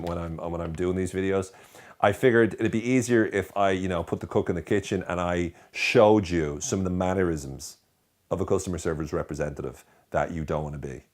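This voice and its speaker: An Irish man in his thirties delivers a sarcastic comedy monologue in a low, deep voice. He keeps a bored, deadpan drawl throughout, dry and unimpressed. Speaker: host.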